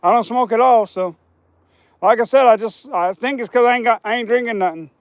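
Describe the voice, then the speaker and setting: A man hosting a fishing livestream outdoors on a riverbank, chatting casually in a hoarse, scratchy voice and rambling as he repeats himself. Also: extremely high pitch, brisk, no room sound. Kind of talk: casual live-stream chat.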